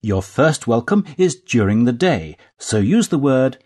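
A man with a slightly husky voice presents a language lesson in a clear, instructive way. His pitch moves lively as he guides the listener through each phrase. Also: unhurried. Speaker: course presenter. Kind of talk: scripted language-lesson narration.

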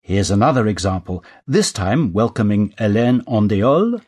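A man presenting a scripted language course, giving clear instructions. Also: fairly low pitch, big pitch swings, moderate pace, a little mellow. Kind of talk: scripted language-lesson narration.

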